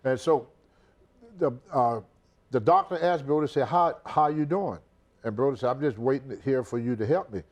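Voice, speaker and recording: At normal speed and with a mid-range voice, an older American man who used to wrestle tells a story in a shoot interview. He's an animated storyteller who repeats words and plays out the other people involved.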